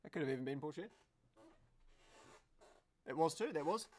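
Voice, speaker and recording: A man commentating a car race live on a stream. He is excitable and swears, breaking into shouts at the screen. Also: fairly high pitch, moderate pace.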